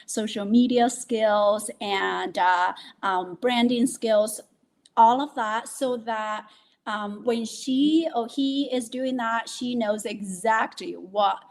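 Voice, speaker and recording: A woman hosting a podcast interview, talking hesitantly with many fillers and affirmations. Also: medium pitch. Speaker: podcast host. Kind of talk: casual interview chat.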